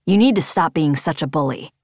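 A woman's voice: low-pitched, expressive, fairly quick, darkish tone, no room sound, clean studio sound. A woman voicing a stern young male flight leader who speaks firmly and lectures. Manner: firm, lecturing.

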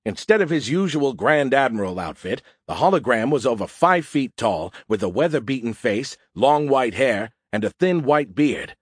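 Husky, lively male audiobook narrator. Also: medium pitch, moderate pace, hardly any pauses, no room sound. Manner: wry, dry first-person storytelling. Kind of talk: first-person scripted narration.

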